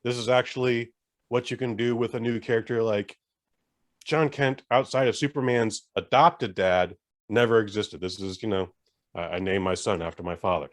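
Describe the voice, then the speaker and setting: A man's voice: on the low side, steady tone, moderate pace. Blunt, swearing podcast co-host man. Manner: blunt, swearing, emphatic rants. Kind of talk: casual chat.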